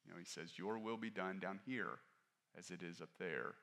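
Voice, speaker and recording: A male pastor preaching a sermon in a candid, conversational way, rising to stress points and dropping low and quiet for personal asides. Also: moderate pace, vocal fry. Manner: candid, conversational preaching that rises and falls in force.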